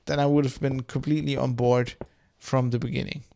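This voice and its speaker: Gravelly-voiced man rambling casually. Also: mid-range voice, little pitch movement, brisk, dark tone. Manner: rambling, loose and profane. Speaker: streamer. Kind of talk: casual chat while gaming.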